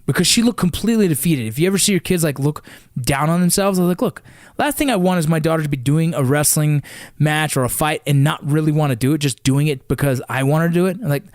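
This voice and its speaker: A man's voice: on the high side, no room sound, studio quality. A middle-aged man telling a story about his daughter in a casual monologue, blunt and swearing, often asking "right?". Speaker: father talking about his kids' sports.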